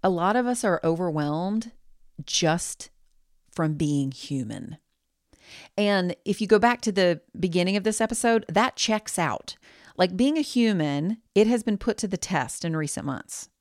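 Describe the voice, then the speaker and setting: A woman podcast host talks through a pep talk in a relaxed, conversational way, candid and reassuring, with a slight lilt. Her voice sits a little low for a woman. The recording is dry and close, with no room sound. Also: a little slow, dry recording. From United States.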